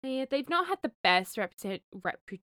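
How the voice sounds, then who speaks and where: A woman's voice: high-pitched, moderate pace, no room sound, studio quality. A woman co-hosting a podcast, explaining things casually with frequent "um"s. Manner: relaxed, explains, many "um"s. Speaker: podcast co-host. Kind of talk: casual chat.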